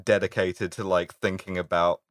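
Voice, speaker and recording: A man's voice: low-pitched, normal speed, no echo, clean studio sound. A man co-hosting a casual podcast, rambling and riffing, swearing freely. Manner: rambling, lively, swears, laughs a lot. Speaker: podcast co-host.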